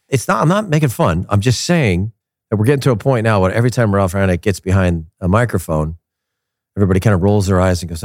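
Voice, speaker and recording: A man hosting a casual soccer commentary show, opinionated and animated, repeating his points for emphasis. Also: lowish voice, fast, no echo, studio quality. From United States.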